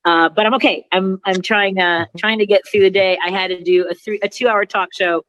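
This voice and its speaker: A middle-aged woman from Chicago, a comedian with a migraine, telling an animated, mock-outraged story over a video call. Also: medium pitch, a little fast, a little hiss or hum. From Chicago, USA. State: suffering a migraine. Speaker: comedian and talk show host guest. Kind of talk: stand-up style ranting story.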